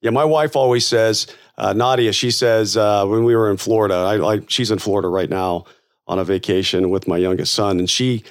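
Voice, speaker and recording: A middle-aged American man co-hosts a podcast, chatting in a loose, friendly way. His voice is on the low side and steady, moving a little fast, and he laughs at his own jokes, using lots of fillers and restarts.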